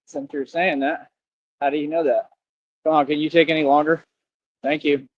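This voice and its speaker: A boastful man rants on a live stream, arguing back at his chat in a slightly high voice. The sound is dry and close, with dull, lo-fi stream audio. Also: flat delivery, normal speed, no room sound. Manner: boastful and confrontational, talks back to commenters.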